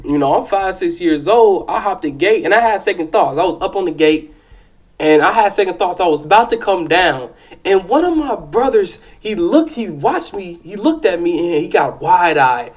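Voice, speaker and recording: Man, somewhat high voice, loose profane storyteller, keeps checking the listener is with him. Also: animated, moderate pace. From South Side of Chicago. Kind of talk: casual spoken storytelling.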